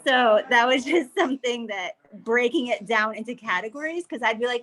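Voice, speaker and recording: A woman with a slightly high voice talks casually in a book club discussion over a video call. Her talk is chatty and full of "like" fillers. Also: a little fast, hardly any pauses, fairly bright tone, poor audio.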